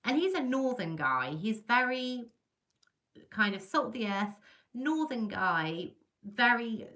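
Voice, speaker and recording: A woman from England chatting on a livestream, telling ghost stories in a chatty, animated way and greeting viewers by name. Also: fairly high pitch. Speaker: livestream host. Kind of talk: casual livestream chat.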